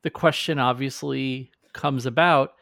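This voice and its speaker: A man's voice: medium pitch, fairly even intonation, unhurried, gravelly, a bit bright, dry recording, studio quality. A man hosting, asking interview questions with hesitant restarts. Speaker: host.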